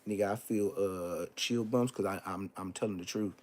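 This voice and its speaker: A man's voice: low-pitched, fairly even intonation, moderate pace, darkish tone. A man telling a story on a casual live stream, profane and emphatic, repeating street oaths.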